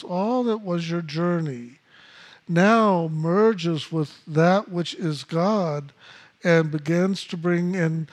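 Slow, high-voiced male spiritual teacher. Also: darkish tone. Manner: repetitive, emphatic, with blunt asides.

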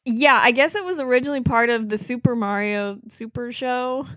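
A high-voiced woman chats casually on a podcast and giggles often. She slips into silly cartoon impressions. The sound is dry and close to the mic. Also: moderate pace, a bit bright, no room sound. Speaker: podcast co-host. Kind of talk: casual chat.

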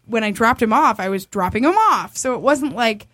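A woman's voice: fairly high pitch, moderate pace, no room sound. A young woman co-hosting a podcast, telling a story in a casual, dramatic way and laughing often. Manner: animated, dramatic, laughs often, acts out quotes.

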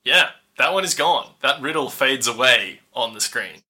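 Young guy running a tabletop game, super bright voice, laughs a lot. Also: mid-range voice, animated, slightly rough. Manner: laughs often, reads riddles slowly. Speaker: game master.

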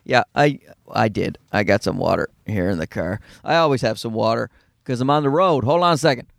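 Fast-talking Newfoundland man in a car. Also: mid-range voice, animated, creaky, no room sound, clean studio sound. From Newfoundland, Canada. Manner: fast-talking, profane, self-deprecating. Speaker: stand-up comedian, podcast host. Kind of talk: casual rambling monologue.

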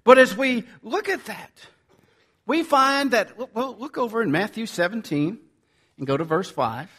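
A man preaches a Sunday sermon with a high, lively voice that leaps up and down in pitch. He pushes some lines out loudly and drops others to a near-whisper. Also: a little slow, breathy edge. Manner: animated preaching, swinging from loud to near-whisper. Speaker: pastor.

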